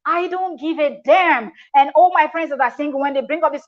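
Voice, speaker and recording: A woman's voice: high-pitched, a little fast, hardly any pauses, lo-fi sound. A woman hosting a reaction video, talking in a chatty, emphatic way with frequent restarts. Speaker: reaction channel host. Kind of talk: casual reaction commentary.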